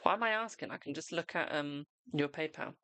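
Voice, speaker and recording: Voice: mid-range voice, lively intonation, brisk, bright, forceful tone, dry recording. A tarot reader hosting a casual live stream, chatty and self-mocking, swearing freely.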